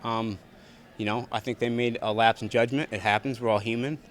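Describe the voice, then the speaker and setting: Speaking a little fast at medium pitch with fairly even intonation, this young male fighter handles a post-fight press scrum in the arena's backstage area. He responds to reporters bluntly, repeating himself and swearing.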